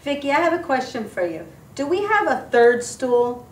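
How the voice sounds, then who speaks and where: A woman's voice: sits high, big pitch swings, normal speed, reverberant, far from the mic. A woman hosting a talk show, upbeat and encouraging as she interviews a guest. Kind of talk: casual chat.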